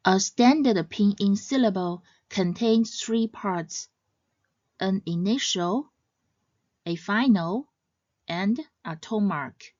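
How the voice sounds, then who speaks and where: A woman giving a scripted educational narration as a language teacher, in a measured, clearly explaining way. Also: medium pitch, darkish tone, no room sound, lo-fi sound.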